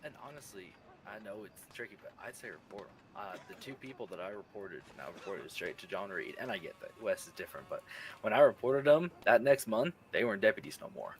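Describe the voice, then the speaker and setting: A man talks in a casual roleplay chat as a rancher with goats. His pitch swings widely as he jokes, swears and laughs. A faint hiss sits under his voice. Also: fast. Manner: animated, swears freely, laughs often. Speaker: ranch owner character.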